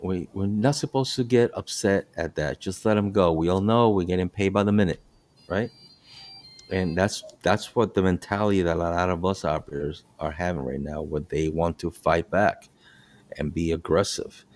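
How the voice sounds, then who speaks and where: Low-voiced bus driver telling stories. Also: male voice, moderate pace. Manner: animated storytelling with frequent restarts. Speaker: podcast host and bus operator. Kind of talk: casual podcast chat.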